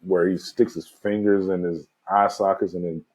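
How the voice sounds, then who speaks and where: A man co-hosting a movie review podcast casually recaps scenes, dropping in lots of filler words with a laid-back manner. His voice sits low and is a little mellow, with a steady tone and moderate pace.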